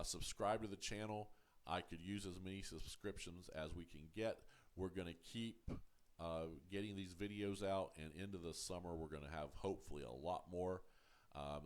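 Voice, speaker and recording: A man hosting a casual show review to camera, halting and full of ums and uhs, firm when answering critics. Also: low voice. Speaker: show reviewer, channel host.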